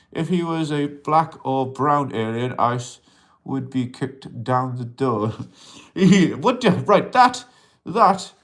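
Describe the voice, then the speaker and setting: A man hosting a casual livestream about mental health, rambling as he reads out and answers viewers' comments and talks to them as an alien persona addressing humans, in an accent viewers ask about. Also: fairly high pitch. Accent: unplaced accent that viewers ask about. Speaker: livestream host.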